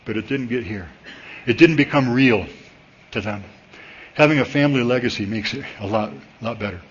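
A man preaching a sermon at a church service, talking to the congregation in a conversational, animated way and jumping up in pitch when he gets excited. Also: moderate pace, slight background noise. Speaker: pastor. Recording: dull lo-fi recording.

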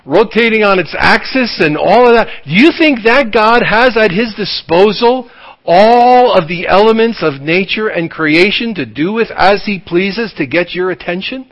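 A male preacher delivering a sermon with a high, lively voice. He swoops up and down in pitch and acts out quick bits of dialogue as he preaches. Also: highs cut off. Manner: animated preaching with acted-out dialogue. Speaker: pastor.

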